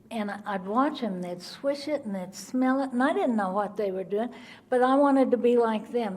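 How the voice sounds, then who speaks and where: A woman giving her Al-Anon recovery testimony, telling her story in an animated way and acting out the people in it. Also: a little high. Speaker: Al-Anon speaker.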